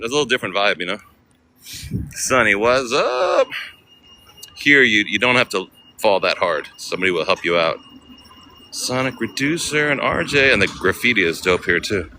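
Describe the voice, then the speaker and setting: A man's voice: mid-range voice, pushed and bright. An American man live-streaming as he walks city streets, chatting casually with viewers in slang. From United States. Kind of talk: walking live-stream vlog.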